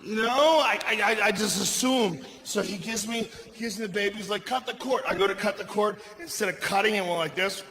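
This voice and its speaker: A middle-aged man performing a loud, profane stand-up comedy routine, often shouting, before a laughing audience in a venue. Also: sits high, fairly quick, few pauses. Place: large indoor comedy venue. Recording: echoey live venue with audience noise.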